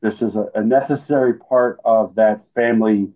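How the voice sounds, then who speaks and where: A man talking slowly and haltingly in a casual chat about faith, with many fillers. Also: on the low side, steady tone, warm tone, dull audio.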